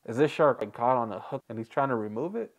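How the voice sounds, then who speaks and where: A man's voice: mid-range voice, animated, quick pace. A man hosting a reaction video, chatting casually, rambling and joking with frequent laughs.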